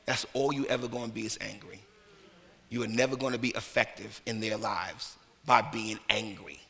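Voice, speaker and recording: Male minister, lively conversational sermon, crisp bright tone, long church reverb. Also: fairly low pitch, moderate pace. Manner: conversational, colloquial preaching with playful put-on voices. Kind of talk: lively sermon with acted asides. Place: church sanctuary.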